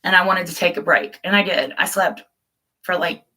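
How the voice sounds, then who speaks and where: A chatty woman talking on a casual live stream. Her voice is bright and clear, and she rambles warmly from one thing to the next, greeting viewers by name between thoughts. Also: fairly low pitch, moderate pace.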